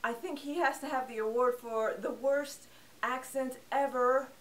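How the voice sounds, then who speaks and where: A woman's voice: high-pitched, a little slow, fairly bright tone. A young adult woman hosting a casual film review, chatty and sarcastic. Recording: voice a bit distant from the mic.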